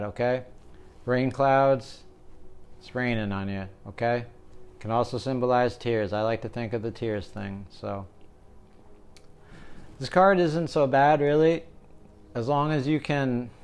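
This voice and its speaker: Casual male tarot reader, young, smooth resonant voice, jokey and digressive. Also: medium pitch, a little mellow. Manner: joking, rambling, keeps asking "right?".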